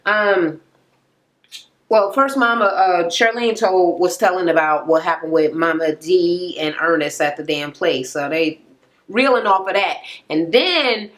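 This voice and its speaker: A young woman recapping a reality TV episode in a casual, profane rant. She acts out the people she quotes with sudden jumps in pitch, uses many fillers and laughs at the scenes. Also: a little slow. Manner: animated retelling, acting out quoted people with sharp pitch jumps.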